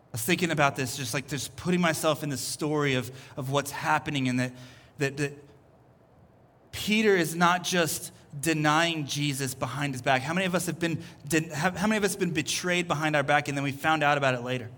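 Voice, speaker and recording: Man, pastor, relaxed conversational sermon, chatty, bright tone, higher voice. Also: a little fast. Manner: loose, chatty storytelling full of "like".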